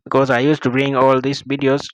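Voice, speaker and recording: A man's voice: medium pitch, monotone, a little fast, highs cut off, slight background noise. A young South Sudanese man with a Dinka first language, teaching vocabulary and repeating each word several times with plain translations. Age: young adult. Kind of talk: slow vocabulary lesson with repetition.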